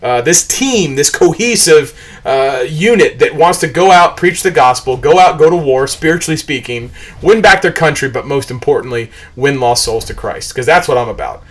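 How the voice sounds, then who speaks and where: A man's voice: on the high side, expressive, moderate pace. A middle-aged man hosting a livestream, mixing commentary with preaching in an emphatic, repetitive, rambling way. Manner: rambling, jumps between topics. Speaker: show host.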